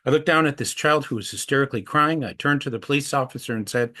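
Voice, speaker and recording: This middle-aged anti-trafficking speaker has a mid-range, bright, forceful voice and a quick pace. In an earnest storytelling presentation, he acts out the voices quoted in his anecdotes.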